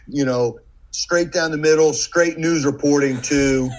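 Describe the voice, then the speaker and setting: A man's voice: fairly high pitch, takes it slowly, slight background noise, low-quality recording. Middle-aged American man spinning a vivid anecdote. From United States. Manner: vivid anecdotal storyteller, acts out quoted lines. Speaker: podcast guest, former FBI agent. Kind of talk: storytelling in conversation.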